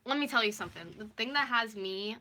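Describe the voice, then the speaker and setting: A woman's voice: on the high side, expressive, fairly quick, noisy background. A young woman in her early twenties from North America, chatting and rambling as she speaks openly to viewers on a live stream. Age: early 20s. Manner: chatty and rambling, with constant fillers. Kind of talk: casual, confessional live chat.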